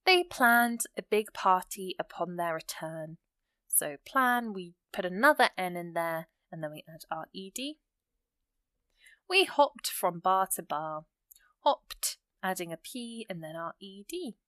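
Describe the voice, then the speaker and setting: A woman teaching an English grammar lesson, explaining rules step by step and reading out example sentences slowly. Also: on the low side, expressive, a bit bright, dry recording.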